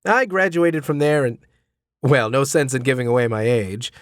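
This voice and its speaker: A man's voice: mid-range voice, moderate pace, no room sound, studio quality, lightly acted. A man voicing an affable older businessman who asks probing questions in a genial way, in an audiobook. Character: affable wealthy older businessman, Yale graduate.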